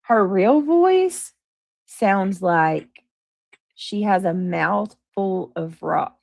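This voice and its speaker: Woman streamer host, emphatic and defensive, mid pitch, dry close sound. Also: animated, drawn-out words, gravelly, a little mellow, no room sound. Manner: emphatic, defensive, talking to chat. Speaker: livestream host. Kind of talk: livestream chat.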